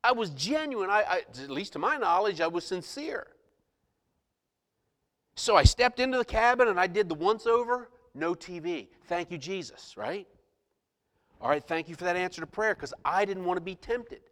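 A middle-aged male pastor telling a personal story in a sermon, animated and self-mocking. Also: sits high, moderate pace. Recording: long hall reverb.

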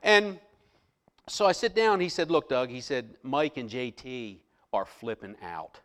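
Pastor telling a story, hushed then animated. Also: male voice, mid-range voice, a little slow. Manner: animated storyteller, drops to hushed voice for quoted lines. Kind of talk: sermon testimony storytelling.

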